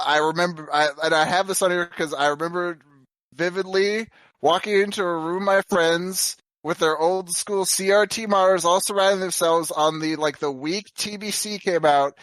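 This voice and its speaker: A young man in his twenties with a fairly high voice, talking casually on a podcast. He swears freely and halts over his words, and the sound is dry and close. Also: a bit bright, dry recording. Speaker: podcast guest. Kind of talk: casual chat.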